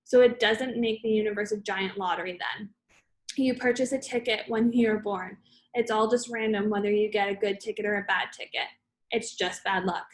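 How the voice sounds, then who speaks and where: A woman's voice: medium pitch, fairly even intonation, moderate pace, low-quality recording. A woman reading a novel aloud in first person, plainly, with small slips and self-corrections. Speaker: audiobook reader.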